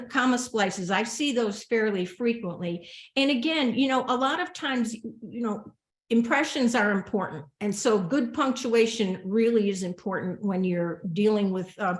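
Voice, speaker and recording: Woman lawyer teaching grammar, roomy sound. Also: mid-range voice. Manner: conversational, reads example sentences aloud with spoken punctuation; repeats words and restarts often. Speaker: attorney presenting a webinar. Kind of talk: instructional webinar talk.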